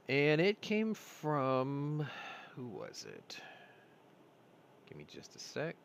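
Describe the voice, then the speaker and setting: A man with a low voice chats casually as the host of his own stream. He rambles through his stories, and his pitch swings widely as he goes. He often laughs at his own jokes. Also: a bit bright. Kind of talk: casual live-stream chat.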